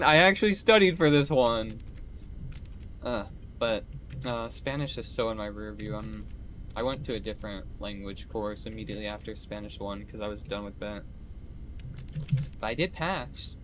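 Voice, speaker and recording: A man's voice: mid-range voice, fairly bright tone, a little hiss or hum. A young man chatting casually during a game stream, rambling, swearing and laughing often. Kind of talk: casual gaming stream chat.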